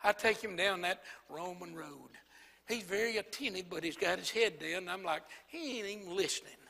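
Male pastor, high squeaky voice with a bright edge, preaching in a reverberant church hall. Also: normal speed, gravelly. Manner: swings from quiet storytelling to shouted preaching. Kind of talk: sermon. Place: church sanctuary.

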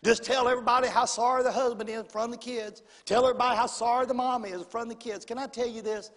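A middle-aged man preaching a sermon in a folksy, animated way, calling out to the congregation. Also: extremely high pitch, quick pace. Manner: folksy, animated preaching with audience call-outs. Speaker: pastor. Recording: long hall reverb, husky voice.

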